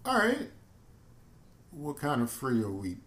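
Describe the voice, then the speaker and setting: A man chatting casually, laughing often and tossing in quick jokes. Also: mid-range voice, wildly swooping pitch, fairly bright tone. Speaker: podcast co-host. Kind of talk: casual chat.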